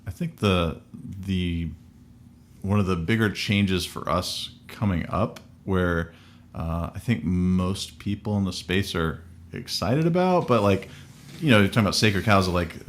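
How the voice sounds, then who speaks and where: Man, pastor, very low voice, reflective conversational delivery. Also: a little slow, slight background noise. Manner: thoughtful, searching for words. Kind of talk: casual podcast conversation.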